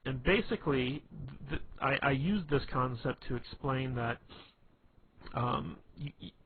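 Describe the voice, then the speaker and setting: A man giving casual dating advice, rambling with lots of fillers, restarts and "you know". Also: mid-range voice. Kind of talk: casual instructional talk. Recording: tinny phone-quality recording with faint hiss.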